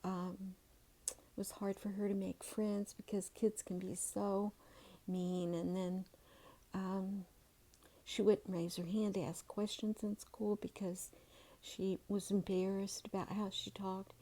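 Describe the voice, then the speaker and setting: A middle-aged woman softly telling a personal story, halting with many ums, then reading from her journal. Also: mid-range voice, little pitch movement. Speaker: channel host telling a family story. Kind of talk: soft-spoken whispered storytelling.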